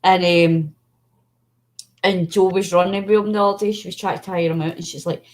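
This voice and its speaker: A woman's voice: medium pitch, steady tone, brisk, darkish tone. A woman with a Scottish accent chatting casually, telling fond family stories and imitating the people in them. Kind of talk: casual chat.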